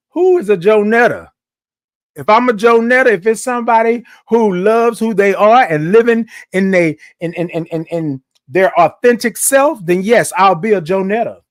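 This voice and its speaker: A man's voice: high-pitched, lively intonation, normal speed. A man hosting a morning livestream in a casual, exuberant way, reading out chat comments and sometimes singing his greetings.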